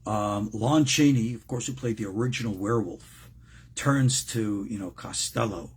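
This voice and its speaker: An older man, a rabbi, giving an informal religious class, animated and joking with frequent asides and a raspy voice. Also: lowish voice, moderate pace.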